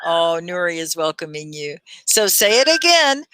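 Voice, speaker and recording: A woman hosting a live online English class, upbeat and encouraging, laughing often and repeating words slowly and clearly. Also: on the low side, very animated, bright, forceful tone, no room sound, low-quality recording. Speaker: ESL teacher and livestream host.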